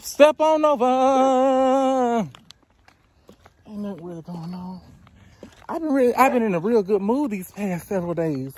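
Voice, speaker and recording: A woman's voice: medium pitch, darkish tone, husky. A woman in her twenties chatting casually while walking outdoors, out of breath, giving blunt, profane advice straight into a handheld phone camera. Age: 20s. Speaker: vlogger. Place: outdoors on roadside near woods.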